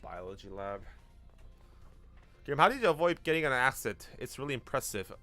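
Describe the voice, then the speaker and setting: A man's voice: mid-range voice, very animated, moderate pace, sharp tone, faint music behind. Chatty American-accented man streaming a game. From Korea. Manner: chatty, answers chat, trails off and restarts. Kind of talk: casual gameplay commentary.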